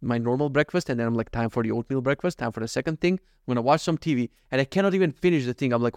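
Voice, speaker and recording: A young adult man talks at a rapid clip through a rambling solo podcast. He swears freely, mocks himself and slips into quick voices to quote the people around him. The recording is dry and close, with no room sound. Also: mid-range voice, animated, no echo. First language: not given. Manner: fast, rambling, swearing, self-mocking; switches into quick voices when quoting others. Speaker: podcast host. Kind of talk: casual solo podcast monologue. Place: at home.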